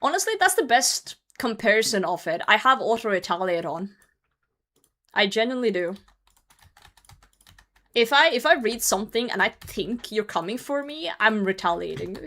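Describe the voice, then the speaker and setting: In a sing-song, slightly bright mid-range voice, a woman streams a game at a moderate pace with long pauses. She chats casually with her viewers, teasing them, laughing frequently and swearing freely.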